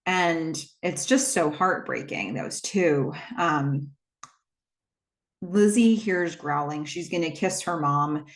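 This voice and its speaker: Picture a woman with a notably low voice, talking through a movie plot step by step in a relaxed, unscripted way. She strings scenes together with "and then", and now and then drops in an "um" as she goes. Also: takes it slowly. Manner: retells scenes step by step with fillers. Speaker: movie recap host. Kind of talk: casual plot recap.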